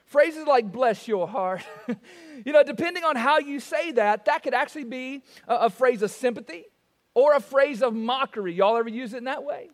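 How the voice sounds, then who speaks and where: A man's voice: very high voice, fairly quick. A man from the American South, a pastor with a Southern US accent, preaching a folksy, joking, conversational sermon. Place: church sanctuary. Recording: long reverb of a church hall.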